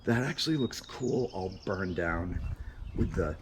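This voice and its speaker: A man's voice: low voice, lively intonation, a little slow, a little hiss or hum. A man vlogging as an urban explorer, chatting casually while he walks around outdoors on a handheld camera. He rambles and is nervous about getting caught. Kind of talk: casual walk-through narration. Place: outdoors on abandoned resort grounds.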